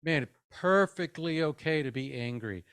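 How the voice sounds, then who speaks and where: A man's voice: a little high, lively intonation, a little slow, a bit bright, smooth, no room sound, studio quality. A middle-aged man giving a conversational parenting webinar, casual and upbeat, often tossing in "man".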